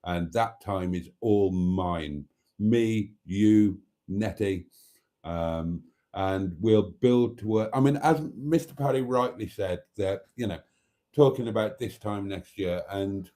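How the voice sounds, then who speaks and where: Hosting a live stream, this man speaks in a low-leaning, mellow voice, rambling casually while reading out viewer comments. He's chatty and self-deprecating, with some mild swearing.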